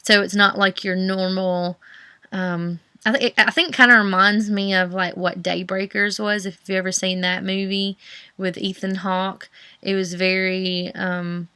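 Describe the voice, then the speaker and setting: A woman's voice: medium pitch, little pitch movement, measured pace, bright, forceful tone, smooth, no room sound. A young woman with a Southern US accent, chatting casually about books on her vlog, rambling with many fillers and restarts. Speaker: book vlogger. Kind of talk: casual chat.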